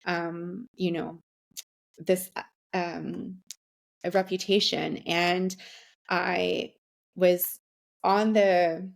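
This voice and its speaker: A woman's voice: on the low side, little pitch movement, very slow, gravelly, pauses often. A young adult woman, a podcast guest, candidly telling a personal story with frequent ums and restarts. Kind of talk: conversational storytelling.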